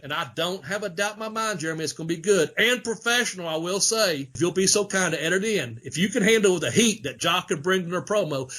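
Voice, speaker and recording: A fairly high-voiced man hosts a casual podcast, and he sounds loose and excitable. He swears freely and laughs between thoughts. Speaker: podcast host, former pro wrestler.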